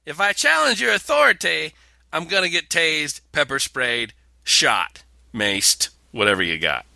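A man's voice: a little high, sing-song, unhurried, creaky, sharp tone. A man co-hosting a podcast in casual comedic chat, sarcastic and profane. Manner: sarcastic, profane, reads quotes aloud. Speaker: podcast co-host.

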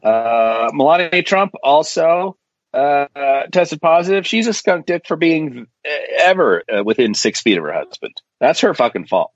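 A man's voice: fairly high pitch, very animated, moderate pace, no echo. A man hosting a casual podcast, talking bluntly and ranting with lots of profanity. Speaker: podcast host. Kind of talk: casual chat. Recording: dry, slightly muffled podcast audio.

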